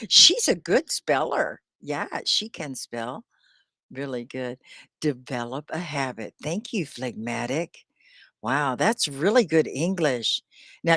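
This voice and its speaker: A woman teaching English on a live stream, speaking slowly and clearly with encouragement, often laughing as she talks to viewers. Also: sits low, fairly bright tone, no room sound, studio quality. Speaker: ESL teacher.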